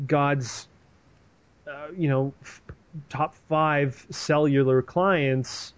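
A man retelling a story in a casual, comedic way, swearing and rambling with plenty of animation. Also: mid-range voice.

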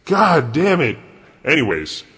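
A man playing a crude, contemptuous God in a comedy bit, talking in a profane, rambling, mocking way with a husky voice. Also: medium pitch, expressive, moderate pace, fairly bright tone. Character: crude arrogant male God, bored and contemptuous.

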